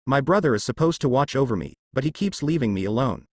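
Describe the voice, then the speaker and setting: A man voicing a small, frightened young girl in a read-aloud fan story, talking soft and whiny. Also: mid-range voice, animated, quick pace, dry recording, lightly acted.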